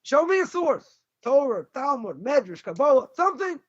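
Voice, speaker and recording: A rabbi giving a Torah lecture, blunt, combative and sarcastic. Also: male voice, very high voice, very animated, moderate pace. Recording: dull lo-fi recording.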